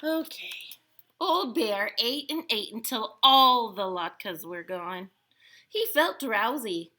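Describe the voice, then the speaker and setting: Expressive woman reading a picture book. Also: on the high side, slow. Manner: expressive, adds playful asides to listeners. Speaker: storyteller. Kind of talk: picture book read-aloud.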